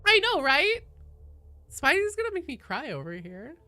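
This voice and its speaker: A woman streamer with a cold, chatting excitably to her viewers during a live game stream at her desk at home, swearing and exclaiming often. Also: high-pitched, normal speed, dry recording. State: has a cold. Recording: noisy home stream audio.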